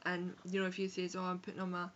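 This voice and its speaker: Her voice is lowish and completely flat, racing along as this young Edinburgh woman from Scotland chats frankly through a casual book vlog, swearing and correcting herself. The highs are cut off and there's slight background noise in her home room on a rainy day.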